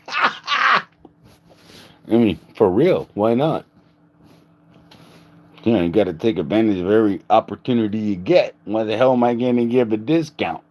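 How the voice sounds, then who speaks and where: A man's voice: medium pitch, sing-song, normal speed, long pauses. A man hosting a livestream, rambling in a joking, casual way, laughing often and swearing. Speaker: livestream host. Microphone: phone.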